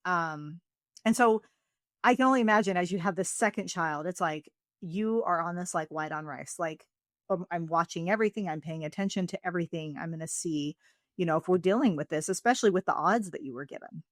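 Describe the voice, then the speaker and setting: A woman's voice: fairly low pitch, brisk, no room sound, clean studio sound. A woman hosting a podcast interview, speaking in a thoughtful, reflective way with long, winding sentences. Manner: thoughtful, reflective, rambling phrasing. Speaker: podcast host. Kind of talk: interview conversation.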